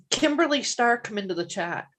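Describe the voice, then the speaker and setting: A woman's voice: on the high side, animated, unhurried, breathy edge. A woman guest in a casual livestream chat, telling stories and quoting others with plenty of swearing. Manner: storytelling, quotes others, swears often.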